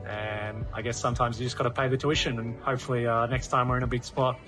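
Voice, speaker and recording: A man speaks in a flat, even tone, poking fun at his own mistake. Music plays clearly beneath him. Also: medium pitch, fast, rough recording. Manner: rueful, self-deprecating. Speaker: poker player recounting a hand. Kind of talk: casual recap. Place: poker tournament venue.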